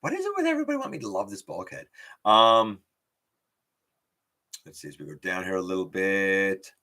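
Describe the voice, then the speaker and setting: A man hosting a casual live stream, bluntly speaking his mind. His voice sits on the low side but has a bright, forceful edge, and he thinks aloud with plenty of ums and asides. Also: huge pitch swings, moderate pace. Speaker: toy review channel host.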